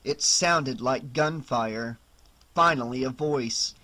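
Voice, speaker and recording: An audiobook narrator reading a horror novel aloud with expressive storytelling. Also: medium pitch, normal speed.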